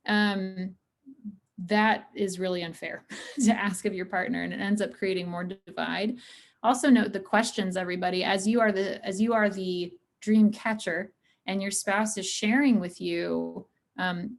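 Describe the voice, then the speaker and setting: A woman therapist speaking casually to an audience at a medium, ordinary pitch. Her delivery is chatty and earnest. She often checks in with a quick "right?" and leans on soft fillers as she thinks aloud. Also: fairly even intonation, vocal fry. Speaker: therapist giving a talk.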